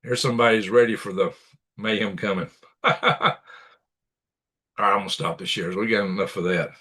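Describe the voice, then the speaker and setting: Man, indignant commentary host, repeats himself, sharp bright tone. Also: fairly low pitch, moderate pace, slightly rough. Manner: indignant, repetitive, blunt insults. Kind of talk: reacting to clips and ranting.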